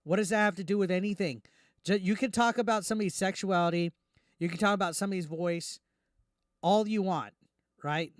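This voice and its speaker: A man hosting a reaction commentary, ranting indignantly and quickly, tripping over restarts as he talks. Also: high voice, no room sound, studio quality. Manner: heated, indignant, fast with repeated restarts. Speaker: YouTube commentary host.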